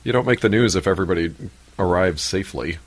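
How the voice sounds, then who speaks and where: A man's voice: low-pitched, quick pace. A man on a podcast making sarcastic wisecracks in casual chat. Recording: noticeable background hiss.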